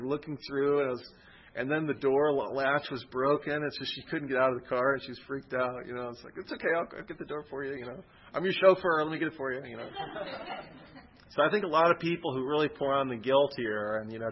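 A man giving an informal Bible teaching, conversational and rambling with personal stories. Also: mid-range voice. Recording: dull lo-fi recording.

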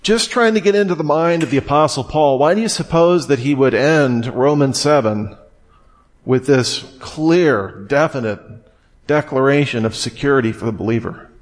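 Man teaching through a Bible passage. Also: medium pitch. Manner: measured, explanatory, reads scripture aloud.

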